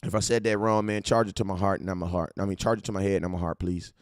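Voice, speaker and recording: A man from California hosting a casual fan-show livestream, hyped and slangy as he shouts out his viewers. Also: low-pitched, steady tone, rapid-fire, no room sound, studio quality. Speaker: livestream host.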